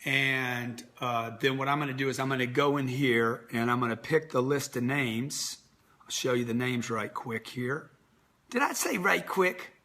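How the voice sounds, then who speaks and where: A man's voice: mid-range voice, sharp tone. A man in his fifties hosting a nightly livestream as a business coach, talking in a brash, direct, salesy way. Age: 50s. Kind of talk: motivational livestream talk.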